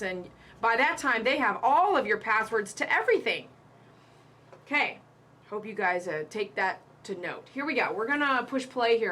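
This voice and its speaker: Bright-voiced woman hosting a live stream. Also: a little high. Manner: emphatic, repeats warnings, chatty asides. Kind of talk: casual live-stream commentary.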